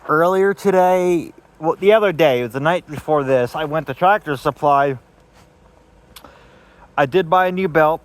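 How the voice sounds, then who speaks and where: Casting: young guy, crude and rambling DIY vlogger, lots of swearing, slightly high-pitched, filmed outside in the cold. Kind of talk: casual rambling vlog. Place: outdoors in the cold.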